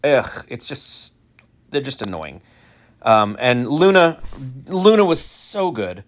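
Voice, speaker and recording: A man giving casual, rambling commentary while playing a game, full of ums and restarts, with animated mock-indignant asides. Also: mid-range voice, slow. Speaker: gaming channel host.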